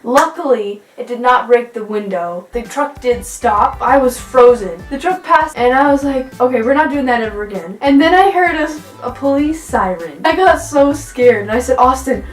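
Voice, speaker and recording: Animated young woman telling childhood stories. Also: normal speed, few pauses. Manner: animated, acts out quoted voices in a high pitch. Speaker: vlogger. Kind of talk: casual storytelling to camera. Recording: echoey room with faint music.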